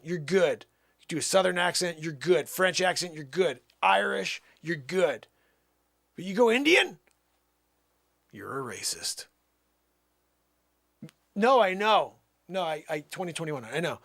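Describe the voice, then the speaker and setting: Male livestream host, high voice, emphatic rambling chat, dry close-mic sound. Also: dry recording. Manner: animated, emphatic, defensive, talks to chat. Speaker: livestream music show host. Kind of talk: rambling live-stream chat.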